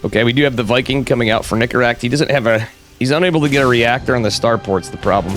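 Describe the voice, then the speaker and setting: Man with a cold, live game caster, casual and chatty, middle-pitched voice, faint music underneath. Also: quick pace. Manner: casual, chatty, talks to viewers, jokey asides. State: has a cold. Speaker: esports caster. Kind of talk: solo live game commentary.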